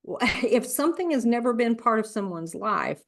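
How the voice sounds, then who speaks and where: A woman's voice: a little high, expressive, normal speed, creaky. A woman hosting a podcast, telling personal stories at length in an earnest, conversational way that grows heated when she talks about people being mocked. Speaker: podcast host. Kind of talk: casual conversational podcast chat.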